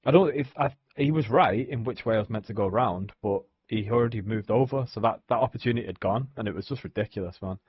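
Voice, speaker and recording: Young guy venting on stream, lowish husky voice, swears loads, dull mic. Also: fast, hardly any pauses, no echo. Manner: frustrated ranting, heavy swearing, many "like"s. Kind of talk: casual chat.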